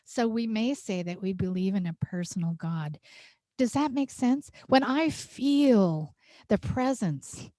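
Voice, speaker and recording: A woman's voice: mid-range voice, animated, slow pace, dark tone, no echo. A woman minister giving a heartfelt, emphatic sermon, laughing often as she speaks. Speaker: senior minister. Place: church sanctuary.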